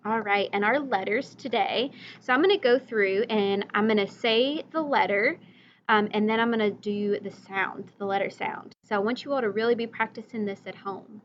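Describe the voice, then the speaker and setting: A woman teacher giving a recorded reading lesson, slowly modeling vocabulary words and letter sounds for young children and their parents. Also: mid-range voice, lo-fi sound, slight background noise.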